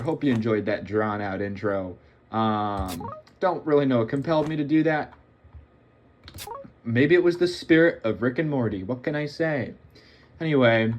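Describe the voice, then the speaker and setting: A man's voice: medium pitch, a little hiss or hum. A young man giving casual, rambling and wry commentary while playing a computer game. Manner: rambling, wry and self-mocking. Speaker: gaming video host.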